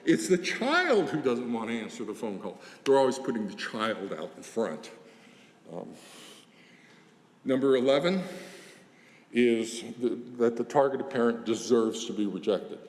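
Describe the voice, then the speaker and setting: A man giving a conference lecture as a psychologist, animated and acting out the voices of the people he quotes. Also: mid-range voice, measured pace. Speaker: psychologist presenter. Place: conference hall. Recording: echoey hall.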